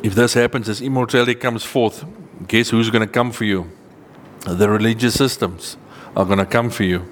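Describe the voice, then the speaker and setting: A man's voice: fairly even intonation, slight background noise. Earnest preacher man with echoing reverb. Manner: earnest, emphatic, rises in pitch on key points, slows to read verses. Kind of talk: sermon teaching with scripture reading.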